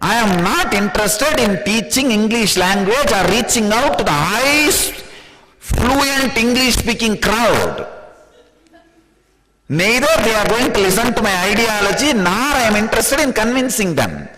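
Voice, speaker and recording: An Indian-accented man teaching a spiritual discourse in a high voice that swoops up and down as he talks. He teases his listeners with rhetorical questions and laughs often. His voice trails off into a long hall reverb. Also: big pitch swings, unhurried, noisy background.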